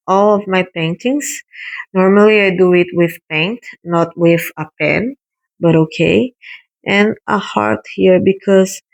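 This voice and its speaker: Slow-talking woman. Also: on the low side, creaky, poor audio. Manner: gentle, encouraging, chatty, thinking aloud while painting. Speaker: watercolor artist hosting a painting video. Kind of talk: casual painting tutorial.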